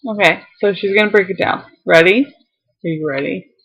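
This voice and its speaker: A woman's voice: medium pitch, normal speed, a bit bright, slightly rough, muffled recording. A young woman on a casual vlog, reading a heartfelt letter aloud to her viewers, tearful and fighting back tears, laughing now and then between lines.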